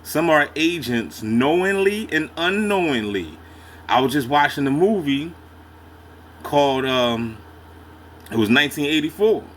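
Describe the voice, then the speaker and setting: A man hosts a reaction video, his voice sitting a touch high for a man. He talks loose and slangy, jumping in to agree and pressing his points with heavy emphasis. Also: lively intonation, unhurried, fairly bright tone, slight background noise. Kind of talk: casual reaction commentary.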